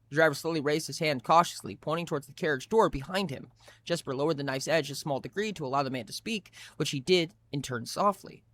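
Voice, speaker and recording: A male streamer reading a story aloud on a live stream, his voice sitting a little higher than most men's. He reads expressively, stumbling and restarting words as he goes. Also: quick pace, a bit bright.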